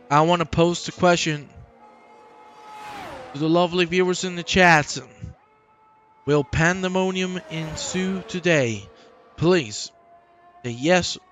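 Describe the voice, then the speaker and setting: A man giving live, joking commentary on a sim race and talking to his viewers. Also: medium pitch. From Manchester. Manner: excitable, joking, chats with co-host and chat. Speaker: sim racing league commentator. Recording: background race car engine noise.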